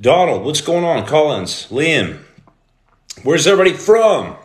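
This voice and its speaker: A man in his forties hosting a casual live stream, greeting viewers by name and breaking into loud outbursts. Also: fairly high pitch, sing-song, unhurried. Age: 40s. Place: room at home. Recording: echoey room.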